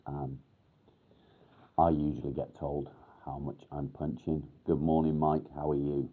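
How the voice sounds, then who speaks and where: A middle-aged man hosting a casual live stream, rambling with many pauses and casual swearing. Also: very deep voice, little pitch movement, phone-quality sound. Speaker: livestream host.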